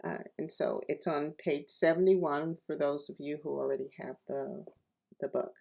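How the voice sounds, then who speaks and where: Woman poet-teacher, dark gravelly voice, soft and halting delivery. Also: low voice, fairly even intonation. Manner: gentle, hesitant, with many fillers; repeats lines slowly and softly. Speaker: author reading her poetry. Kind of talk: reading a poem and teaching self-care practices.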